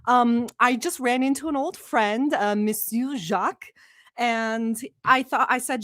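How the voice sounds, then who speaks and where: A giddy woman from the Middle East hosts a casual livestream, and English is not her first language. She sits close to the mic in a dry, deadened space, her voice pitched fairly high. She is playful and crude, swearing as she reads chat comments aloud. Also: measured pace, a bit bright, no room sound. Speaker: livestream host.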